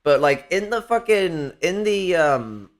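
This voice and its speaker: A man's voice: high-pitched, sing-song, takes it slowly. A man in casual political chat, rambling and profane, with frequent laughs and fillers. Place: Chicago.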